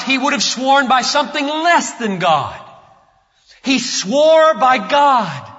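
A man preaching a sermon, swinging from hushed tones to shouts with an emphatic, repetitive cadence. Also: extremely high pitch. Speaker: pastor. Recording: reverberant hall, dull lo-fi sound.

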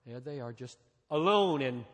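A man preaching a sermon as a pastor, with dramatic pauses, dropping soft and then rising again. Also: medium pitch, animated. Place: large church hall. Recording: reverberant hall.

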